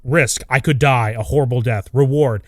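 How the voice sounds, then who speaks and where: A man co-hosting a casual podcast, joking around and breaking into quick impressions. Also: medium pitch, no echo. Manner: animated, jokey, does quick voice impressions. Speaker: podcast co-host.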